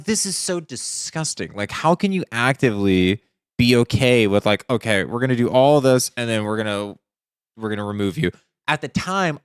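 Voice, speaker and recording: A man's voice: on the low side, a bit bright, smooth, no echo, studio quality. A man streamer talking casually to his audience, earnest and indignant, often repeating his points. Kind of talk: casual commentary to camera.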